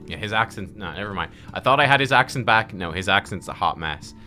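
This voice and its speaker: A man's voice: on the low side, animated, fast talker, bright, forceful tone, soft background music. A male streamer casually commenting on a game playthrough, playfully reading the dialogue aloud and trying out accents.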